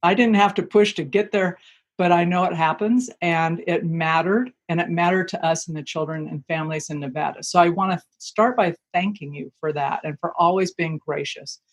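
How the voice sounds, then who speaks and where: A woman's voice: on the low side, moderate pace. A woman hosting a podcast, earnestly introducing her guest and recalling meeting her. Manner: warmly appreciative, earnest. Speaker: podcast host.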